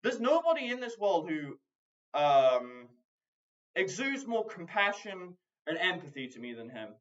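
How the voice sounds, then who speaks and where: A man talking through a personal video diary in a hesitant, halting way, glum and brooding, with many restarts. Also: sits high, sing-song, fairly bright tone, muffled recording. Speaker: video diarist.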